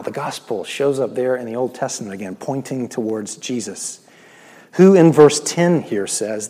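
A male pastor giving a sermon, swinging between loud emphatic lines and slow, hushed, near-whispered ones. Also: medium pitch, slightly rough. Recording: long echo of a large hall.

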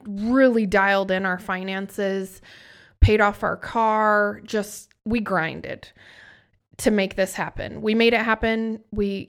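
A woman in her thirties, a podcast guest telling her story candidly and earnestly, often restarting her sentences. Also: mid-range voice.

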